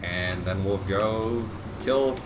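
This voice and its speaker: Low-voiced man rambling over gameplay. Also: takes it slowly. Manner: rambling, sarcastic, bursts into loud excited shouts during fights. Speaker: let's play host. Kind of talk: casual gameplay commentary. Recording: game audio and noise behind the voice.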